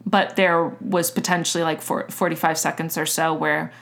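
A woman hosting a podcast, recounting a story in a relaxed, chatty way and swearing casually. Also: deep voice, normal speed, gravelly. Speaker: podcast host.

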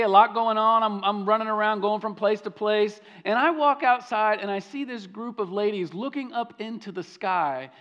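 A man's voice: high voice, fairly bright tone, highs cut off. A man preaching a sermon, telling stories in a conversational way with frequent restarts. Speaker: pastor.

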